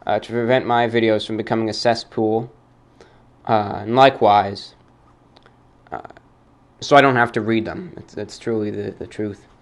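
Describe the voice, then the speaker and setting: A man from the New York area with a British-New York blend accent, hosting a talk show and reading fan mail in a formal, measured, dry way. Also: on the low side, fairly even intonation.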